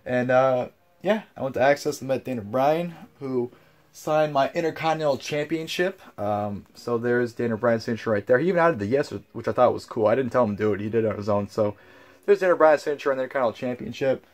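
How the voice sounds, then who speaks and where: A man's voice: medium pitch, quick pace, a little mellow. A young man vlogger telling a story in a casual recap vlog, frustrated and heavy on swearing and fillers.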